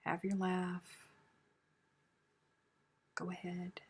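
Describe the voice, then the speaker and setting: Gravelly-voiced woman chatting on a live stream. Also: on the low side, completely flat delivery, extremely slow, a little mellow. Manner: chatty and teasing, reads comments aloud. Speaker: crochet live stream host. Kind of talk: casual live stream chat reading viewer comments.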